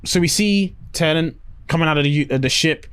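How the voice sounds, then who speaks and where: A man co-hosting a casual review podcast, swearing a lot and acting out scenes in shrill voices. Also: brisk, a bit bright, clean tone, no echo. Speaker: podcast co-host.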